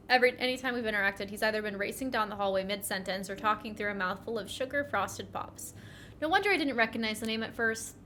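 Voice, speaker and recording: A woman's voice: a little high, a bit bright, a little hiss or hum. Wry woman streamer reading game text. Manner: wry asides, sometimes drops to a whisper. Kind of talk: casual gameplay commentary, reading game text aloud.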